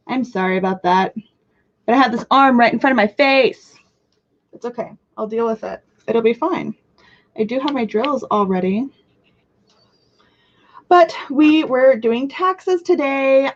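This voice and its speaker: A young woman in her twenties hosts a live crafting stream in a loose, rambling chat. She jumps between topics, pokes fun at herself and lets out sudden squeals. Her voice sits a little high and comes through muffled, lo-fi audio. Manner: chatty, scattered and self-mocking, with bursts of squeals. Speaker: crafting livestream host.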